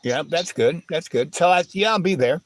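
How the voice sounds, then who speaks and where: A man tells stories in an easy, conversational way. He acts out each quoted exchange with lively changes of voice. His voice sits a little high and sounds dry and close to the mic. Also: moderate pace, no echo. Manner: animated storyteller acting out quoted dialogue. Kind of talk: casual storytelling.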